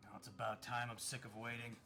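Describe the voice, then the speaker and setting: A man's voice: mid-range voice, level tone, quick pace, noisy background, lightly acted. A man playing an impatient, brooding young human acolyte in a tabletop game, speaking curtly with weary sighs. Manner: curt, weary, sighing. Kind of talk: tabletop role-play in character.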